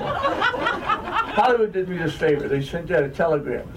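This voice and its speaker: A man's voice: sits high, huge pitch swings, measured pace, pauses often, over a noisy crowd. An older man telling wry, self-mocking stories to an audience as an author. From American South. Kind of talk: humorous storytelling talk. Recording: distant mic, faint room noise.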